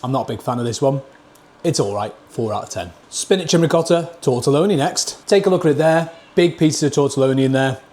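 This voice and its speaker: A man's voice: mid-range voice, brisk, a little mellow. Man, Northern English accent, blunt plain talk, casual food vlog, camera mic at a table. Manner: blunt, plain-spoken, scores each dish out of ten. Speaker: food reviewer.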